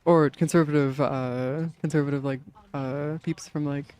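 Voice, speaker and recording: A man's voice: fairly high pitch, steady tone, measured pace, a little mellow, clean tone. A young man streaming a game in casual chat, rambling with many fillers, swearing and laughing often.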